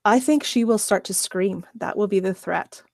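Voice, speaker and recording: A woman narrating a tabletop game as game master, calm and measured, checking rules as she goes. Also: mid-range voice, creaky, a little hiss or hum.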